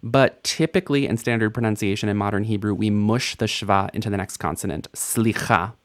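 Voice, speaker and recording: In this recorded language lesson, a man works through Hebrew letters and vowels one by one, patient and playful with a light joking touch. He says sounds slowly and repeats words, his lowish voice keeping fairly even intonation.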